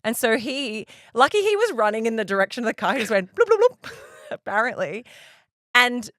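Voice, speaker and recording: A woman co-hosting a podcast, telling a story with animated energy and frequent laughter. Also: a little high, brisk, dry recording, studio quality. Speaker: podcast co-host. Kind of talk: casual chat, storytelling.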